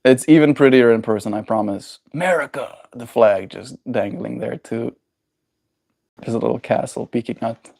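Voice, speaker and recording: Gravelly South African streamer, man. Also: medium pitch, fairly even intonation, normal speed, warm tone, no echo. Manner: joking, reads chat aloud and answers it. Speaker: livestreamer. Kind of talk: casual live-stream chat.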